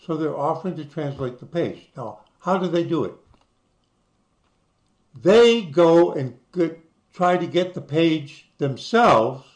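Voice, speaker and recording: Older male host, unhurried, explanatory, a bit high-pitched, casual walkthrough. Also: animated. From United States. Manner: slow, explanatory, spells things out letter by letter. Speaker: channel host. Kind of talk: casual screen-share explainer.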